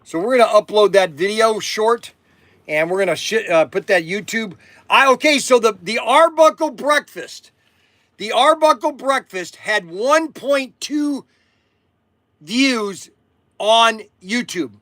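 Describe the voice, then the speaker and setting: Excitable rambling man in his 60s. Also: high-pitched, slow, no echo. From Ohio, USA. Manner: excitable, rambling, repeats himself. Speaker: toy shop host. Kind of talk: rambling live-stream chat.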